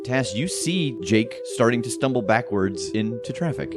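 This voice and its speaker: A man's voice: medium pitch, animated, normal speed, music in the background. A man narrating as game master of a tabletop role-playing game, often laughing as he describes the action.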